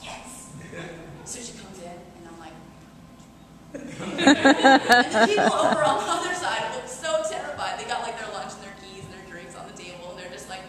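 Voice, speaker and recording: A woman comic rambles through a story, leaning on "like" over and over, her voice sitting a little high. With no mic she is heard from far back in a hall with a long, ringing echo, and a noisy room hums behind her. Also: lively intonation, normal speed, crowd noise. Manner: rambling anecdotal storytelling, full of "like". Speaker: stand-up comedian. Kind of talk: stand-up comedy set. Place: performance hall with an audience. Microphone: no microphone, projecting her voice.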